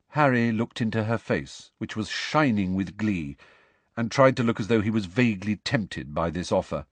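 Man with a husky, lively reading voice. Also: on the low side, moderate pace, no echo. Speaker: audiobook reader. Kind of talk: scripted narration.

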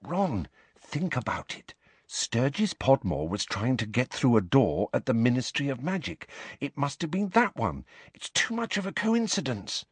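A man's voice: mid-range voice, very animated, a little slow, husky, no room sound, voice pushed up. A man voicing a bookish, know-it-all teenage schoolgirl witch in an audiobook, speaking earnestly and a bit bossily. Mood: explaining. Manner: earnest, explaining, a bit bossy. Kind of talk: audiobook character voice.

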